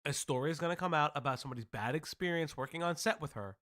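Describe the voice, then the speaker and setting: A man's voice: a little high, fast talker, a bit bright. A man hosting a casual online commentary show, blunt and sarcastic, swearing freely as he reacts.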